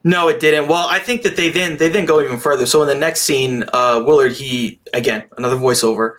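A man in easy conversation about a film he has just seen. He rambles and talks with animation, throwing in a casual curse here and there. His voice sits at an ordinary middle pitch. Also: fairly even intonation, fairly quick, a bit bright. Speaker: podcast co-host. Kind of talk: casual movie review chat.

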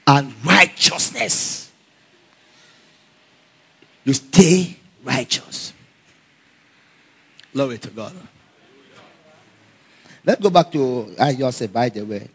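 A man's voice: mid-range voice, husky. A man preaching a sermon, telling stories with frequent laughter and calling out to the congregation for responses. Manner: animated storyteller who laughs often.

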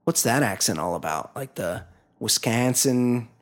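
A man's voice: medium pitch, animated, a little slow. A man co-hosting a podcast, telling a news story in a rambling, profane way, with lots of fillers. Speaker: podcast co-host. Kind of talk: casual chat.

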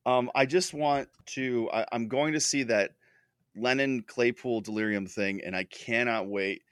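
Mid-pitched male podcast co-host, dry sound. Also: measured pace, clear, resonant tone, no echo. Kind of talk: casual podcast chat.

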